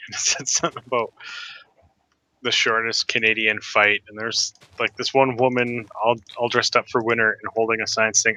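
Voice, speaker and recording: A man with a very bright, cutting tone chats with friends during a game. He is easygoing but halting, circling back and restarting his thoughts. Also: mid-range voice. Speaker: co-player. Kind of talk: casual chat while playing a game.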